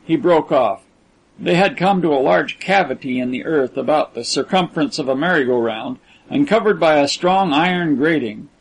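A man narrating an audiobook in a measured, even storytelling manner. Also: a little high, creaky, slightly rough, rough recording.

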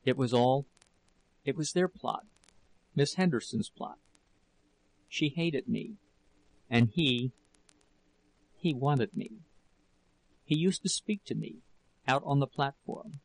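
Desperate, ashamed young wife pleading in a halting voice, as a male reader puts her on, slow and gravelly. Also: mid-range voice, a little mellow, full character voice, rough recording. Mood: broken confession. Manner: pleading, breaking into whispers.

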